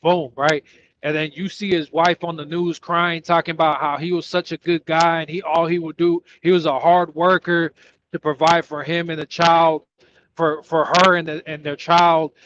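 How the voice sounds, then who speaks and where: Guy cohosting, kinda high voice, muffled audio w/ light hiss, tells stories all stop-start. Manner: animated storytelling, halting repeats. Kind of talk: casual chat.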